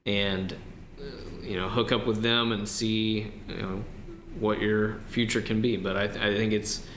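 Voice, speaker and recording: A man appears as a guest on a podcast, a real estate wholesaler giving casual interview answers in a relaxed, hesitant way with many ums and restarts. His voice is lowish and a little slow, recorded in a roomy space with some echo and faint background noise.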